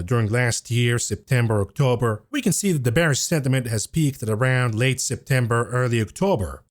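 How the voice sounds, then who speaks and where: Man giving brisk, emphatic market commentary. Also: mid-range voice. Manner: brisk, emphatic, talks through charts. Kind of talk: scripted-sounding market commentary.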